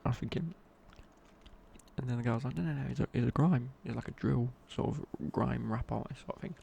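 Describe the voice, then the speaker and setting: A man's voice: medium pitch, a little fast, gravelly, warm tone, slight background noise. A young man telling a rambling casual story in a whispered ASMR chat. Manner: rambling, casual, many fillers and restarts. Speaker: ASMR creator.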